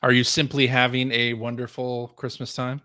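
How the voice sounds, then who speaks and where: A man's voice: mid-range voice, level tone, normal speed, bright, forceful tone, dry recording, studio quality. A man co-hosting a podcast in casual chat, upbeat and laughing often. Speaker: podcast co-host.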